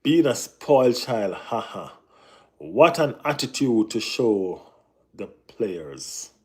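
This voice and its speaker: A man hosting a casual live football chat, talking in an animated way with lots of slang and repeated phrases. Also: fairly low pitch, slow. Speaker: football channel host.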